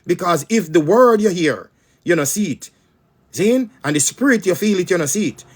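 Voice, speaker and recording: Man, Jamaican accent, high-pitched, patois sermon, emphatic, repetitive. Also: lively intonation, moderate pace, slightly rough. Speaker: spiritual teacher. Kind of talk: preaching monologue.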